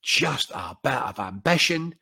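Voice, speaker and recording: An older Scottish man in casual conversation, an animated storyteller who acts out quoted voices with wry humour. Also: mid-range voice, measured pace, creaky, husky. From Scotland.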